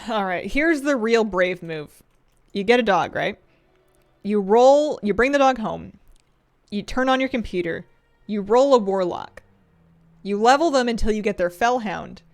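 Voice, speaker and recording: A woman's voice: mid-range voice, lively intonation, measured pace, pauses often. A woman streaming a game, chatting casually in a rambling, playful way, laughing often and answering chat.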